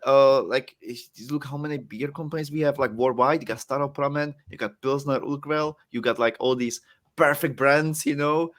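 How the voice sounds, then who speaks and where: A young man from the Czech Republic with a Czech accent, chatting casually as a podcast guest and laughing often. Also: moderate pace. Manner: animated, laughs often, swings between excited and low. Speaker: guest wrestler.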